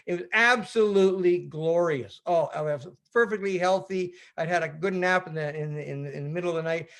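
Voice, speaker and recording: A middle-aged Canadian man telling a sailing story over a video call, lively and rambling, acting out radio calls. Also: fairly high pitch, a little fast. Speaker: sailor giving a presentation. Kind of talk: animated storytelling talk.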